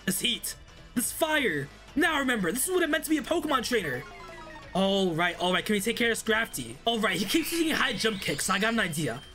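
A man commentating a Let's Play of a fan-made game, excitable and animated, reading the game's dialogue aloud. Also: high voice. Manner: excitable, animated, reads game text in put-on voices. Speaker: gaming YouTuber. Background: faint game music.

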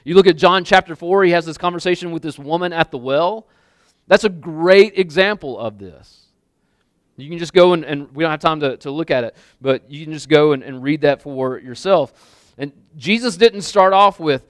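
A man's voice: fairly high pitch, lively intonation, moderate pace, no echo, clean studio sound. A man preaching a sermon as pastor, in a loose, conversational way full of casual fillers and repeats, speaking in a church. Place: church sanctuary with a congregation.

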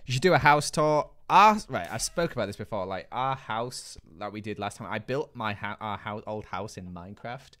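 Brief: British male streamer, playful chatty banter, reads comments, a bit low-pitched. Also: expressive, moderate pace, hardly any pauses, a bit bright. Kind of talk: live gaming stream, reading chat aloud.

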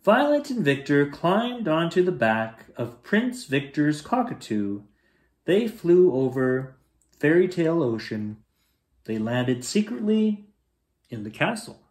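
A man's voice: a little high, very animated, slow pace, a little mellow. A man reading a children's picture book aloud as a bedtime story, switching into voices for the characters. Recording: roomy echo.

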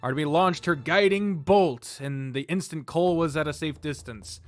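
A man's voice: fairly high pitch, moderate pace. A man reading a fantasy visual novel aloud, dropping in casual, profane asides.

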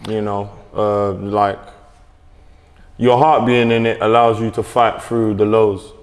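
A London man talks in a relaxed, earnest way, his voice sitting a little low. He keeps filling gaps with "you know". A long reverb hangs behind him. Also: takes it slowly. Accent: London English. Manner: earnest, laid-back, many "you know" fillers. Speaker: basketball player. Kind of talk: casual conversation.

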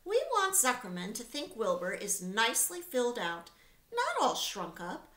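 A wise and kind female spider, played by a woman reading a children's book, gentle yet firm. Her voice rises a little above the reader's own and moves in a lively way. A roomy echo surrounds it. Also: a little high, normal speed, full character voice.

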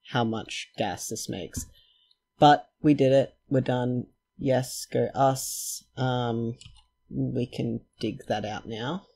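A man giving chatty gameplay commentary, talking to himself and his characters and quickly getting excited. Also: mid-range voice, vocal fry, breathy edge. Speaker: let's play host.

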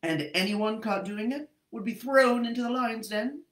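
Scheming, flattering male court advisers, smug and insistent, voiced by a woman teacher in a reading. Echoey room. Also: on the high side, moderate pace, lightly acted.

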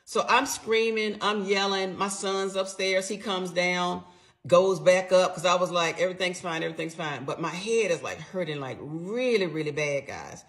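A woman's voice: fairly low pitch, unhurried. A middle-aged woman vlogger telling a personal story in a casual storytime style, emotional and blunt, swearing freely and talking straight to her viewers.

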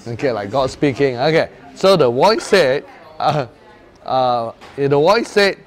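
A man's voice: medium pitch, a little slow. A man preaching informally to a small prayer group, telling stories with frequent chuckles. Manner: chuckles often, lively storytelling. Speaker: preacher leading a prayer meeting.

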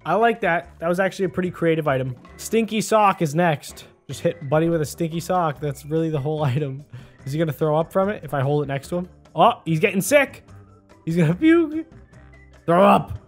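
Excitable man doing game commentary. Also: a little high, fast talker, soft background music. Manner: excitable, chatty, talks to the game character. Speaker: gaming video host. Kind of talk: gameplay commentary. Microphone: desk microphone.

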